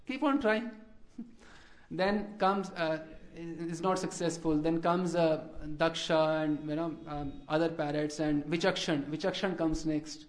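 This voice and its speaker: A man giving a devotional storytelling talk, animated and acting out birds and characters in quoted voices. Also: fairly high pitch, a little slow. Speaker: religious speaker.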